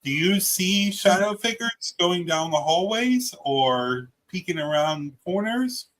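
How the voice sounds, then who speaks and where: A man's voice: sits high, lively intonation, slow pace, fairly bright tone, poor audio. A man interviewing a house owner, asking eager, curious questions in a casual way.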